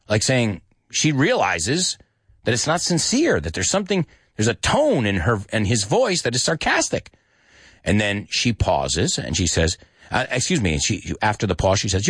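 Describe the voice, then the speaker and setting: A man teaching English with movie scenes, acting out lines in a lively voice and adding short glosses. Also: unhurried, slightly rough, no room sound, studio quality. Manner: lively, acts out quoted lines in higher pitch, mixes in Spanish glosses.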